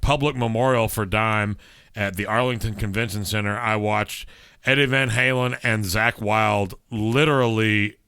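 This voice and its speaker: A man's voice: lowish voice, steady tone, moderate pace, pushed and bright, clean tone, no echo, studio quality. A man hosting a podcast, telling rambling stories in casual chat with lots of fillers and restarts. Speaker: podcast host.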